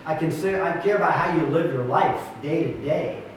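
A man's voice: fairly high pitch, moderate pace, slight background noise. A man pastoring a church, teaching his group in an earnest, emphatic way, with many restarts. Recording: echoey room, mic far off.

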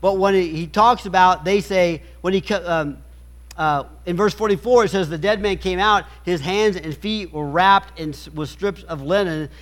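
A man's voice: high-pitched, moderate pace. A man preaching a sermon, reading scripture aloud with stumbles and restarts, then explaining it with emphatic rhetorical questions.

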